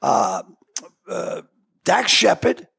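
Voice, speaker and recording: A comedian guest telling stories on a podcast, acting them out with loud outbursts. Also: male voice, drawn-out words. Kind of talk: casual storytelling on a podcast.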